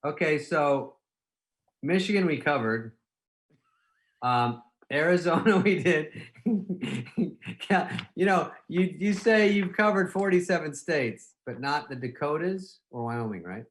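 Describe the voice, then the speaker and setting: A man's voice: fairly high pitch, expressive, slow. A man in his fifties, a comedian telling rambling anecdotes in casual chat, often laughing at his own stories. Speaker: comedian guest.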